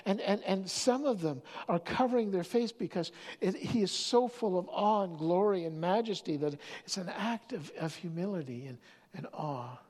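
A pastor preaching a sermon, telling stories with many restarts, moving between loud stretches and near-whispers. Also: medium pitch, expressive, moderate pace. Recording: long hall reverb.

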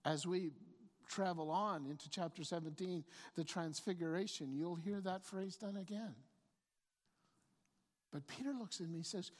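A woman's voice: fairly low pitch, animated, moderate pace, pauses often, breathy edge. A woman pastor delivering a sermon, telling the story in a conversational way and often repeating words as she restarts her phrases. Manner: storytelling preacher, frequent stammered restarts. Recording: long reverb of a large hall.

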